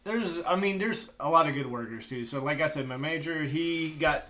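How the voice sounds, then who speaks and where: A man veteran chatting on a podcast, earnest and a little halting. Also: a little high, pushed and bright. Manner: earnest, halting, many "uh" and "I mean". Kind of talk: casual chat.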